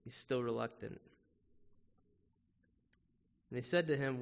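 In a church sanctuary, a male pastor preaches a sermon, addressing the congregation conversationally and asking many rhetorical questions. His voice is mid-range, fast and creaky, and the recording is muffled with a long hall reverb.

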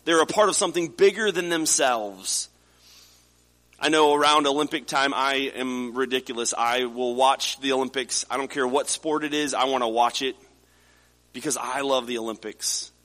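A man's voice: mid-range voice, normal speed, a bit bright. A man in his forties from the United States, a pastor preaching a sermon in a conversational storytelling way with frequent restarts. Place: church sanctuary. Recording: reverberant hall.

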